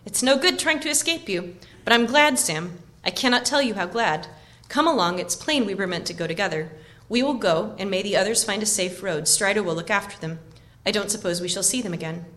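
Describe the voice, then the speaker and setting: A woman's voice: mid-range voice, expressive, fairly quick, hardly any pauses, a bit bright, close to an everyday voice. A woman reading a novel aloud and voicing a resolute, kind young male hobbit who speaks firmly. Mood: resigned.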